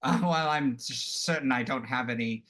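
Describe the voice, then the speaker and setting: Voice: medium pitch, normal speed, fairly bright tone, lightly acted. A player voicing a timid, odd little creature that stammers and hesitates in a tabletop role-play. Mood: bewildered. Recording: faint music behind.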